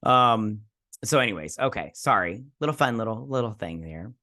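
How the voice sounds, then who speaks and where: A man's voice: lowish voice, lively intonation, moderate pace, pushed and bright. Chatty rambling man recapping a show. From Michigan. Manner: chatty, rambling, acts out characters' lines. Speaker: host. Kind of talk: casual episode recap review.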